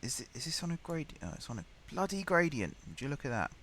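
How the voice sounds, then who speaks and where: A man's voice: mid-range voice, very animated, fast talker, a bit bright, breathy edge. A man streaming live, muttering and thinking aloud as he plays, and easily exasperated. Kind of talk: live gameplay commentary.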